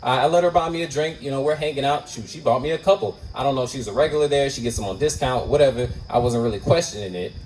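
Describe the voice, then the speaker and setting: A man's voice: fast talker, few pauses, far from the mic, a little hiss or hum, poor audio. Self-mocking man telling a stand-up story. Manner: conversational, self-mocking, swings into loud high exclamations. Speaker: stand-up comedian. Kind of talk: stand-up storytelling at an open mic. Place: open mic night venue.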